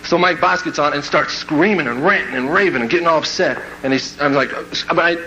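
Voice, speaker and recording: A man from Kansas delivers a motivational talk as a story, rattling along at a brisk clip. His voice sits a little high and rings bright and forceful. He acts out the scenes, trading in sound effects and little quoted voices. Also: a little hiss or hum, rough recording. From Kansas, USA. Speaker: motivational speaker. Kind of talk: storytelling speech to a live audience.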